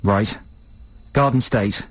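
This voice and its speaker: British man, husky, playful comic radio co-host, dry booth. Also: lowish voice, slow, no echo. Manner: playful, teasing, mock-grand. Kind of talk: comedy radio chat. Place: radio studio.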